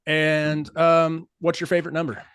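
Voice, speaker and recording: A man's voice: a little high, monotone, moderate pace, fairly bright tone, clean tone. A man, hosting a casual podcast chat among family and friends, rambling and laughing as he talks. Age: 40s. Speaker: podcast host.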